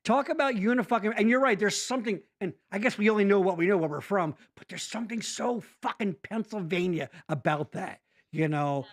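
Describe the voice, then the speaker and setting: A man's voice: sits high, a little fast. A man hosting a casual podcast chat, rambling and swearing freely as he jumps from thought to thought. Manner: animated, profane, rambling. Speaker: podcast host.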